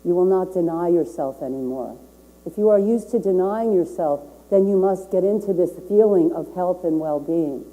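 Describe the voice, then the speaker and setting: A woman's voice: lowish voice, narrow, tinny audio. An older woman minister giving a sermon, earnest and repeating key phrases for emphasis.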